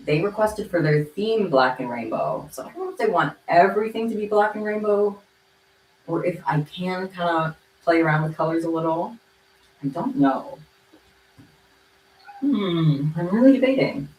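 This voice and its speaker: This young woman livestreams from a home room as she crafts kandi bracelets, chatting away and meowing at her cat. Her lowish voice has lively intonation, normal speed and a darkish tone, with a little hiss or hum. The space sounds echoey, with faint background ambience.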